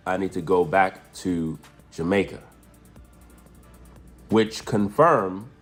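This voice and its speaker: A man in a played video clip, talking to his viewers in a measured, explaining way. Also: deep voice. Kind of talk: vlog commentary.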